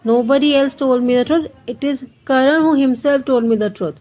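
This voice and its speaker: A young Indian woman teaching an English grammar lesson, explaining slowly and repeating the key points, with some Hindi mixed in. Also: high voice, lo-fi sound. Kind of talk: classroom lesson.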